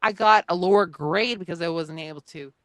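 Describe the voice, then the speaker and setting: A woman's voice: fairly low pitch, brisk, fairly bright tone, no room sound. A woman gaming streamer ranting in casual talk, angry and profane with many restarts.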